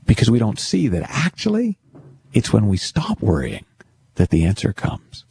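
A man's voice: fairly low pitch, moderate pace, gravelly, slight background noise. A man giving a storytelling talk about worry, acting out jokes with little voices. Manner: tells jokes with acted voices, animated. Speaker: speaker on worry and thinking.

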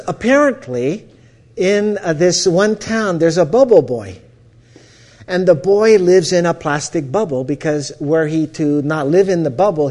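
Lively man telling stories, high-pitched. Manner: lively, restarts phrases, laughs while telling stories. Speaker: counselor teaching the principles. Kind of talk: storytelling talk.

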